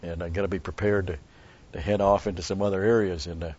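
A man's voice: sits low, steady tone, fast, darkish tone, slightly rough. A man giving a rambling Bible teaching, stressing key words and restarting his sentences. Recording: dull lo-fi recording.

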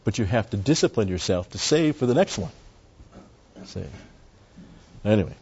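An older man leads a relaxed Bible study, wandering into asides with plenty of "uh"s before slowing to read a verse aloud. His voice sits low. The recording is dull and lo-fi. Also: slightly rough. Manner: rambling, folksy, with many digressions and "uh" fillers. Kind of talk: informal Bible teaching.

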